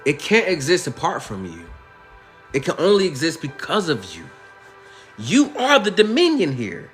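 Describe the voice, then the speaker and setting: A man giving a coaxing, profane spiritual pep talk to his other self in a comedic sketch, drawing out his key lines slowly. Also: on the high side, huge pitch swings, faint music behind. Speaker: motivational speaker.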